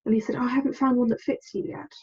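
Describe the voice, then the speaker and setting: A woman's voice: fairly high pitch, fairly even intonation, fast, darkish tone, breathy edge, lo-fi sound. A woman, a podcast guest telling her personal story candidly and with hesitations. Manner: candid, hesitant, acts out quoted lines.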